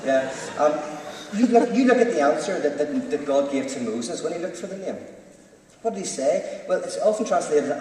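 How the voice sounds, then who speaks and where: Man, lively joking lecturer on theology, bouncy pitch, distant mic in a reverberant hall. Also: moderate pace. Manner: animated, joking, restarts often. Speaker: speaker. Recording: echoey hall from far off.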